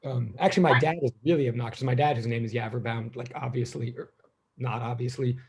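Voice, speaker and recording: A man's voice: medium pitch, fairly even intonation, quick pace, breathy edge. A man in his fifties, a physics teacher, chatting casually and rambling with his class as students join. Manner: rambling, chatty, self-deprecating.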